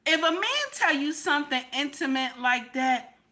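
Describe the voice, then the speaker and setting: A woman's voice: high voice, normal speed, bright, forceful tone. A woman hosting a livestream, reacting to a story in heated commentary, repeating her questions and swearing freely.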